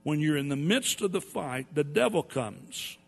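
A man's voice: on the high side, expressive, unhurried, gravelly, breathy edge. Man preaching in an echoing hall. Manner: preaching with dramatic rises and drops in loudness. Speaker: pastor. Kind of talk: sermon. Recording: long hall reverb with mains hum.

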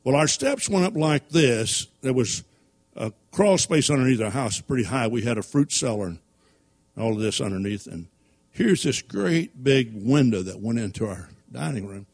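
A man preaching a sermon through folksy, animated personal stories and laughing at his own tales. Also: mid-range voice, moderate pace, husky. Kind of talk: sermon storytelling.

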